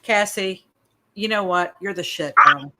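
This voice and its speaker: A woman's voice: lowish voice, a little slow, pushed and bright. A woman co-hosting a live stream, reading viewer messages aloud and making announcements. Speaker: co-host reading viewer comments.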